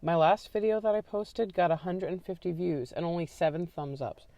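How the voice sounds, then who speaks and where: A woman's voice: lowish voice, normal speed, dry recording, muffled recording. Chatty woman, dry close sound. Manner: chatty, self-deprecating, rambling with restarts; aims for a calm, sleepy ASMR-like delivery in the story. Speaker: true crime channel host. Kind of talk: casual chat to viewers, then true crime narration.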